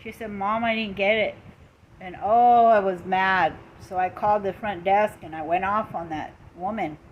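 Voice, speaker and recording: A woman's voice: medium pitch, fairly even intonation, moderate pace, muffled recording, slight background noise. A middle-aged woman on a casual live stream, retelling an upsetting story in an indignant, emphatic way, with lots of repetition.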